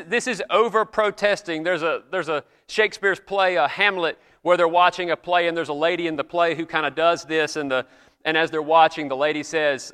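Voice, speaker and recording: A man's voice: a little high, sharp tone, smooth, in a large hall. A man preaching a sermon, reading scripture aloud and then explaining it in a conversational way with everyday examples. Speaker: pastor.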